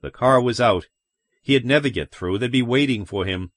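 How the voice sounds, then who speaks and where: A man reading a suspenseful story aloud as audiobook narrator, in a grave, even storytelling manner. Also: medium pitch, moderate pace, dry recording, studio quality. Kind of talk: scripted narration.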